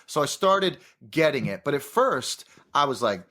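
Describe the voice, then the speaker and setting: A man's voice: a little high, normal speed. A man, a guest actor, telling a story in casual chat. He restarts a lot and acts out what people said. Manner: animated storyteller, many restarts, acts out quotes.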